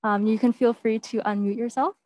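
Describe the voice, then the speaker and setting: Higher-voiced woman teaching on a call. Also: fairly even intonation, a little fast, a little mellow, no echo. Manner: explanatory, with fillers and demonstrations. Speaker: teaching fellow. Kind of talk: online language lesson. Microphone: video call.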